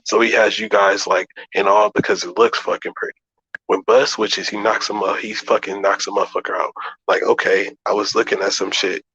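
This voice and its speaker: Low-voiced man, emphatic and profane. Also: little pitch movement, brisk, sharp tone, rough recording. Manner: emphatic, heavy swearing, breaks fights down. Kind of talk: casual boxing debate.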